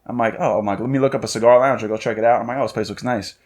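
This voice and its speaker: A man's voice: medium pitch, very fast. A man in his thirties, a podcast host, telling a story in a loose, profane chat and acting out what people said. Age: 30s. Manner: profane, animated storytelling with acted-out quotes. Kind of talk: casual chat.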